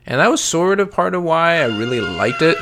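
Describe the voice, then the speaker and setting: A man's voice: on the high side, sing-song, fairly quick, background noise. A man talking casually about parenting and cars, rambling with many fillers and restarts. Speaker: parent podcast guest. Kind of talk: casual chat.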